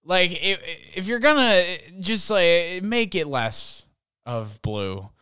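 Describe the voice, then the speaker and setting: A man's voice: high-pitched, animated, slow pace, sharp tone, clear, resonant tone, no echo, clean studio sound. A man who does stand-up, telling a rambling story from his bedroom, saying "like" constantly. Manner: rambling, heavy use of "like". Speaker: stand-up comedian. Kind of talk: casual storytelling.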